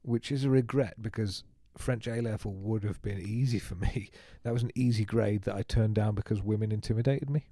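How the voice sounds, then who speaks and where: A man's voice: fairly low pitch, fairly quick, hardly any pauses, warm tone, no echo. A man co-hosting a podcast, chatting casually with dry, jokey humour. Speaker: podcast co-host. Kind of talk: casual chat.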